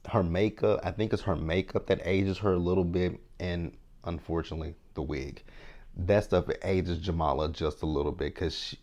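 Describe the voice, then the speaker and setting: A man's voice: sits low, darkish tone. A man in his thirties giving a frank, chatty TV recap, often checking in with his viewers. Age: 30s. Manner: chatty, frank, keeps asking "right?". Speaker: TV show reviewer. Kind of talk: casual recap commentary.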